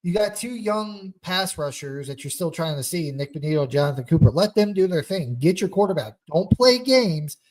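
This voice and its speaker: A young man hosting a casual sports podcast, talking in an animated, rambling fan rant. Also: fairly high pitch, fairly quick, few pauses. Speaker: podcast host.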